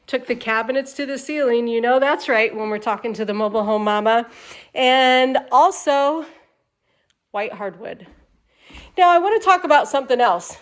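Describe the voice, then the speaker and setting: A woman hosting a walkthrough tour inside a manufactured home, chatty and upbeat as she talks straight to viewers, tired at the end of a long day. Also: fairly high pitch. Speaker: home sales host giving a tour.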